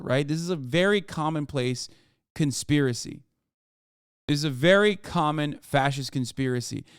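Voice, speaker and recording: A man streaming a reaction, talking casually with profane, mocking asides and bursts of excitement. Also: mid-range voice, clean tone, no echo, clean studio sound.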